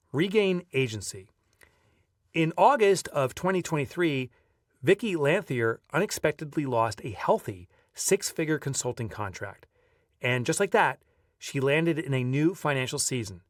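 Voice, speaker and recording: A man reading his own audiobook aloud, lively as a storyteller and breaking off now and then for casual asides. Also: a little high, unhurried, no echo, clean studio sound, recorded from a distance. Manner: lively storyteller who breaks off to chat offhand. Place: video recording setup.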